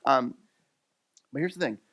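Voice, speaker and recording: A male pastor from the US East Coast, telling a story in his sermon in a chatty, animated way with many fillers and restarts. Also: medium pitch, unhurried. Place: church.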